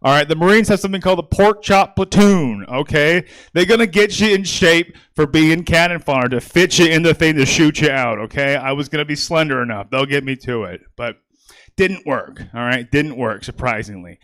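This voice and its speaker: Rambling stand-up comic man, smooth voice. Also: fairly high pitch, normal speed, a bit bright. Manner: rambling, crowd work, conversational. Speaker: stand-up comedian. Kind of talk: stand-up comedy set. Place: small comedy theater, live audience.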